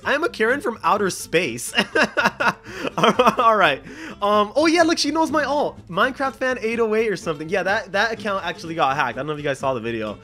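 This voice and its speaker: A young man giving casual, excited gameplay commentary as a YouTuber, laughing a lot and saying dude and bro. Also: high-pitched. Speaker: gaming YouTuber. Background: faint music.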